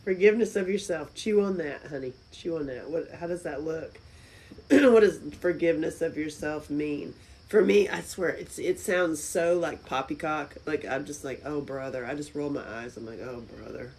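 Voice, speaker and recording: A woman hosting a live stream from a friend's house, chatting casually with viewers, with loud exclamations and soft asides. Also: sits low, normal speed, rough recording.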